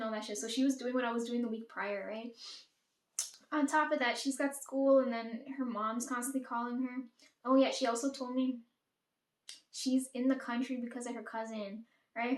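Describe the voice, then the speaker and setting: Her voice fairly high and a little mellow, this woman from the Caribbean chats casually while telling stories, swearing often and sprinkling in "like" and "right?". A roomy echo colors the sound.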